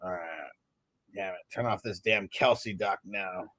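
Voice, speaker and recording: Laid-back male stream host, slangy, relaxed, reads chat aloud. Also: low voice, unhurried. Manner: laid-back, slangy, coughing between dabs. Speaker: livestream host. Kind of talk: casual livestream chat reading comments.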